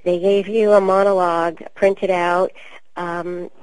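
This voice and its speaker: New York woman voice actor, lowish voice. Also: slow pace, no room sound, low-quality recording. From Queens, New York. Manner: chatty, storytelling, relaxed with many fillers. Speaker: voice actor guest. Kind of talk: casual interview talk.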